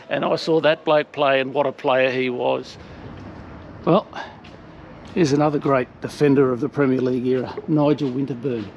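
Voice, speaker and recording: Gravelly man, middle-aged, anecdotal vlog walking-tour host, noisy outdoor sound. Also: fairly high pitch. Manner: chatty, anecdotal, hesitant with fillers. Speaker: vlogger touring a stadium. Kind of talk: casual walking-tour commentary. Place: outdoors around a city stadium. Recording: noisy outdoor street recording.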